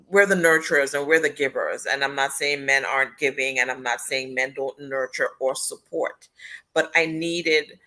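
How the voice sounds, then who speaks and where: Woman host, effusive, thanks everyone over and over, bright, forceful voice. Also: low voice, rough recording. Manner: effusive, repeats thanks and praise. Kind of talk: closing remarks on a panel talk show.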